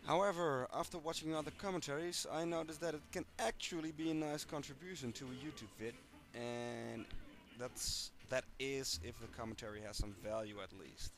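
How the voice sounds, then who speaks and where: A man talking over his own game replays in a loose, unscripted way. He hesitates often, fills pauses with ums and uhs, and mocks himself with dry humor. His voice sits at an ordinary middle pitch for a man. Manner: dry self-mocking humor. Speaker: player commentating his own match replays. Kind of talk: casual gaming commentary.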